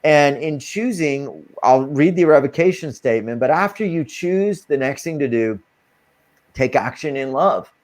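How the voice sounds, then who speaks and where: A man's voice: on the high side, expressive, unhurried, darkish tone. A man as an interview guest, talking casually and earnestly as he coaches listeners through spiritual steps.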